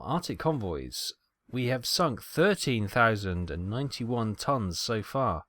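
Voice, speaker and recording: A man's voice: medium pitch, fairly bright tone, no echo. A man hosting a gaming channel, giving casual, wry commentary on a submarine game and stumbling over ship names.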